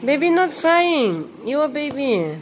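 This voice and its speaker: A woman's voice: high voice, big pitch swings, measured pace, over music. A woman, a mother, chatting with her toddler in simple, sing-song baby talk in a home vlog.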